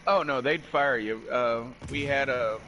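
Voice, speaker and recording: Guy ranting about work, swears a lot, bright pushy voice, bit of road noise behind. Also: mid-range voice, measured pace, rough recording. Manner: profane, heated, repeats "I said" while quoting himself. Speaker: storyteller in a casual chat. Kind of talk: casual chat, recounting a workplace story.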